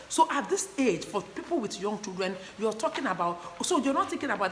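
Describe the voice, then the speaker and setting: An earnest woman teaching parents, repeating key points and often pausing to ask whether they understand. Her voice sits at an ordinary pitch for a woman. It carries a noticeable room echo over a faint background hiss. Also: very animated. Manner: earnest, repetitive, asks "do you understand?".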